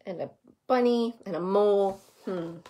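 A woman reading a picture book aloud to young children, gentle and expressive, stopping to comment on the pictures and ask the kids questions. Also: medium pitch, normal speed, slight background noise. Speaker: children's story reader.

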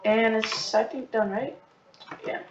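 A woman giving casual, rushed commentary on her own gameplay, talking to herself and shouting sudden orders at the game. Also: on the high side, background noise. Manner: rushed, excitable self-talk, muttering orders, sudden shouts. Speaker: gamer commenting on own play. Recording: roomy, dull, distant mic with keyboard clicks. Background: keyboard typing and mouse clicking.

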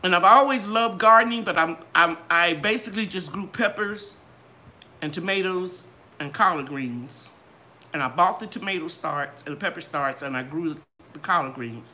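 An older woman hosting a gardening channel, chatting in a live Q and A with a lively, sing-song delivery. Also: moderate pace. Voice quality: bright, trained singer's voice. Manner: animated, sing-song ups and downs in pitch. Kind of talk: live Q and A chat.

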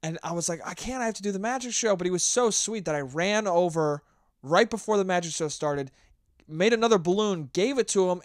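Solo podcast host, male, fairly high voice, profane and rambling storyteller, dry close-mic read. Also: no room sound.

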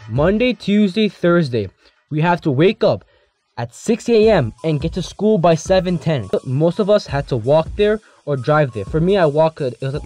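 Teenage guy, casual storytime, rambling and slangy, fairly high voice, mellow tone, faint music behind. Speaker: YouTuber telling a story. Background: faint background music.

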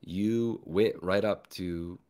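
A man hosting a podcast in casual chat, with a deep bear-like voice and a laid-back, rambling way of talking. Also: slow pace, darkish tone. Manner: laid-back, rambling, lots of filler words. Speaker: podcast host.

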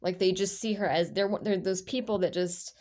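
A woman giving an intuitive tarot reading to her viewers, talking in a rambling, heartfelt way with many halting restarts. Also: medium pitch, steady tone, darkish tone. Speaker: tarot reader.

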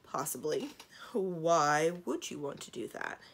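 Cool bossy lady dragon, matter-of-fact, low husky voice, read by a woman. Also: sing-song, a little slow, a bit bright, exaggerated voice. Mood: calm. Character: calm, commanding female dragon, dry humor.

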